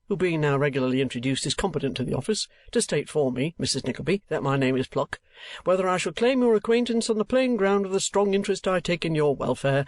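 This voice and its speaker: A man's voice: on the high side, no room sound, studio quality, natural voice. A man doing pompous, oily Mister Pluck. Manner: pompous, flowery and ingratiating. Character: smooth-talking flattering gentleman.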